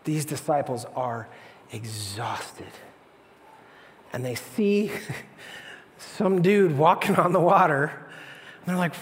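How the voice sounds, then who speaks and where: A man pastor preaching a sermon with animated storytelling, swinging between hushed and loud. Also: a little high, slow, long pauses, long reverb tail.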